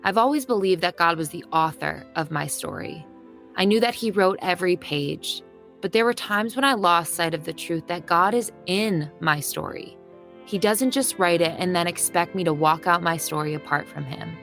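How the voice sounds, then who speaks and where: A woman hosting a faith podcast, giving a gentle, earnest scripted introduction. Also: on the low side, moderate pace, gravelly. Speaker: podcast host. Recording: faint music behind voice.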